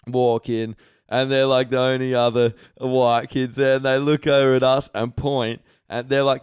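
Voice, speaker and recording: An Australian man telling animated, profanity-laced anecdotes on a casual podcast. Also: medium pitch, clean tone, no echo, clean studio sound. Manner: swears a lot, animated anecdotes. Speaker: podcast host.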